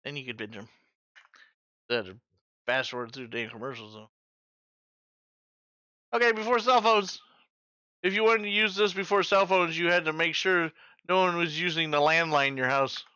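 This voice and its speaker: A man's voice: fairly high pitch, moderate pace, long pauses, sharp tone, clean tone, no echo. A man in his forties hosting a trivia night in casual chat, joking, swearing freely and making sound-effect noises. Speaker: trivia host.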